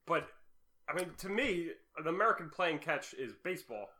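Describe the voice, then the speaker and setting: A man co-hosting a podcast, chatting casually with brief, relaxed replies and easy laughs. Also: a little high, moderate pace. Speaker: podcast co-host. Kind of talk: casual chat.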